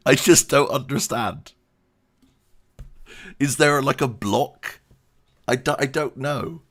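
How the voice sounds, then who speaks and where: A man's voice: medium pitch, slow, pauses often. A man giving a casual channel update, rambling and self-deprecating, laughing often. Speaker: YouTube creator.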